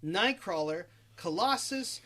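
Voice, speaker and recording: A high-voiced man holds forth on his movie casting picks, swearing freely and talking with a lot of energy. A faint hiss runs under the recording. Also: slow. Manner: animated, profane, opinionated. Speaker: podcast co-host. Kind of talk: casual chat about movies.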